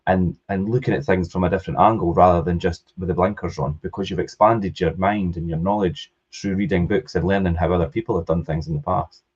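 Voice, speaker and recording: A man with a Scottish accent co-hosting a casual podcast chat, talking in a relaxed, agreeable way with long, rambling sentences. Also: low-pitched, fairly quick, few pauses, husky, muffled recording. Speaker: co-host.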